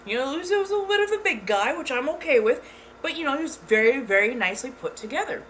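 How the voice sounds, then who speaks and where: A woman hosting her channel, telling a story in casual chat, animated and swearing freely. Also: sits high, fast talker, slight background noise. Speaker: ASMR channel host.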